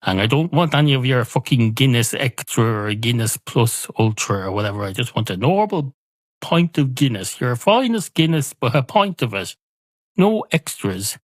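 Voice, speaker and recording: A man's voice: medium pitch, big pitch swings, normal speed, dry recording, voice pushed up. An Irish man voicing a fussy, demanding male cat ordering a pint, in a pedantic, complaining comic storytelling manner.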